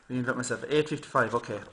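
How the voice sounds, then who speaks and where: With a little hiss or hum in the background, a medium-pitched male vlogger rambles casually to his camera. He tells his stories in a chatty, animated way, mimicking people in a raised voice.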